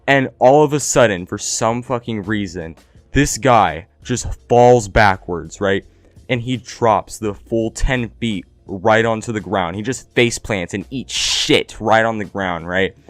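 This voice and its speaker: A man's voice: on the low side, measured pace, no room sound. A young man casually telling a story, slangy and profane, with lots of "like" and "right?" fillers. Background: faint background music.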